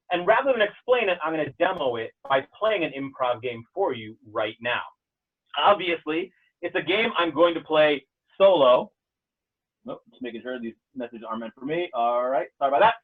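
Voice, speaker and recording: A man delivers an energetic motivational keynote with a slightly high voice. The sound is thin and phone-like, as if it comes through a webinar connection. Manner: lively, upbeat, talks straight to the audience. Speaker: keynote speaker. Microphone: webinar call. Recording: tinny phone-like webinar audio.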